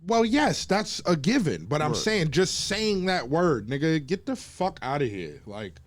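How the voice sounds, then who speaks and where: A man's voice: on the high side, very animated, measured pace, no room sound. A man co-hosting a podcast, ranting in heated, profane casual talk and mimicking the people he quotes. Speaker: podcast co-host. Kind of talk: casual debate and storytelling.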